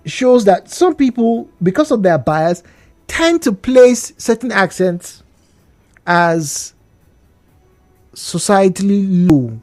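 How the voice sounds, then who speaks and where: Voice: medium pitch, slow, long pauses, no echo, soft background music. Radio host, dry close studio sound, probing, stop-start phrasing. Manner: animated, probing, hesitant restarts. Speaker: radio talk show host. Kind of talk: live radio discussion.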